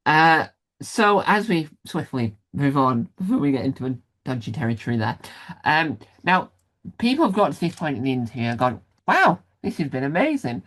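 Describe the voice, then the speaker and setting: A man's voice: mid-range voice, very animated, moderate pace, a bit bright. Guy hosting a chat, rambly, keeps restarting, laughs at himself. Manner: rambling, self-deprecating, many restarts. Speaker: podcast host interviewer. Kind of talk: casual interview chat.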